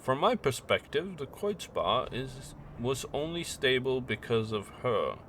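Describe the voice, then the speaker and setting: A man's voice: mid-range voice, sing-song, measured pace, a bit bright, slight background noise. A man voicing a nasal, scheming woman who speaks in a businesslike way. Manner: sing-song turning businesslike.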